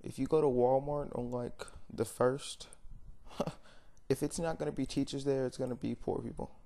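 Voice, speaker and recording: A man's voice: mid-range voice, steady tone, normal speed, dark tone. A young man ranting casually to camera, blunt and rambling, often stopping to correct himself. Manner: rambling, blunt, frequent fillers and self-corrections. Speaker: vlogger. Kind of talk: unscripted rant to camera.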